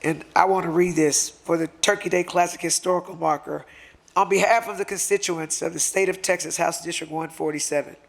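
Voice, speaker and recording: A man's voice: a little high, fairly even intonation, brisk, gravelly. A man giving an impassioned, emotional speech at a luncheon, speaking in a fervent, conversational way as he presents a certificate.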